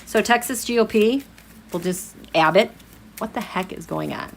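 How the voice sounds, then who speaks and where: A woman giving a live-streamed tarot reading in an animated, exasperated way, speaking straight at the people she reads about. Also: medium pitch, normal speed, gravelly, slight background noise. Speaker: tarot reader.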